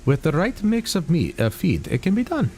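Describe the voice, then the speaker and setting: A gruff, practical game wildlife expert, as a man reads him aloud. The voice sits a little higher than the performer's own and carries a faint, hard-won accent. Delivery stays plain and businesslike. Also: huge pitch swings, moderate pace, a little mellow, a little hiss or hum, low-quality recording. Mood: matter-of-fact. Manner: reading game dialogue with a slight put-on accent.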